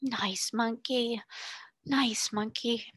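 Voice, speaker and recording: Woman reading as Sarah, a gentle little girl. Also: medium pitch, normal speed, vocal fry, no room sound. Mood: tender. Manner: soft, earnest, often whispered. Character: kind, gentle young girl in an attic.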